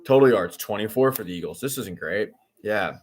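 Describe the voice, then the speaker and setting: A man in his thirties with a low, deep voice, chatting casually to his live-stream viewers. He keeps up a loose running commentary on the game and now and then breaks into loud, exasperated outbursts when his team plays badly. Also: lively intonation, moderate pace. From Philadelphia area. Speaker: streamer hosting a football watch-along.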